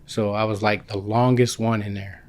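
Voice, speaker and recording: A man in his fifties from Guam, a guest telling casual stories about his army years, animated and full of restarts. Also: lowish voice, moderate pace. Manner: animated, acts out quoted dialogue with many restarts. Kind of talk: casual storytelling.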